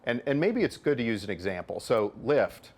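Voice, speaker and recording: A middle-aged man who is a venture capitalist and author answers interview questions, explaining things and often repeating words as he builds toward a point. His voice is mid-range and sing-song, at a normal speed.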